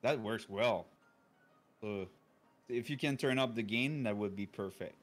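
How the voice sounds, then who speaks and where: A man's voice: fairly low pitch, unhurried, faint music behind. A man playing a tabletop game, chatting casually and playfully with his group. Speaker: player.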